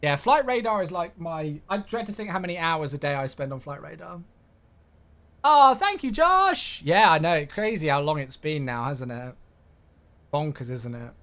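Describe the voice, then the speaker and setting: A man's voice: sits high, a bit bright. A young man, chatting casually on a flight-sim live stream and thanking viewers by name.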